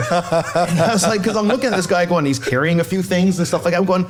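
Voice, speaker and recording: A man co-hosting a podcast, telling a story with lively, animated delivery and quick quoted voices. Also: sits high. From Canada. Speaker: podcast co-host. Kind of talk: casual chat, storytelling.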